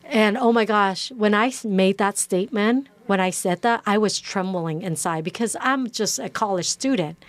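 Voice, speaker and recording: An animated woman talks as a guest in a casual interview, rushing through quick bursts full of fillers. Her pitch sits mid-range, and the recording is close and dry, with no room sound. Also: no room sound. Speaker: city councilwoman, podcast guest.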